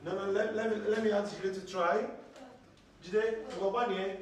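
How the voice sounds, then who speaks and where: A man's voice: high-pitched, steady tone, normal speed. A man teaching a children's language lesson, patiently drilling words through repetition and questions. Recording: very echoey room, voice from far off.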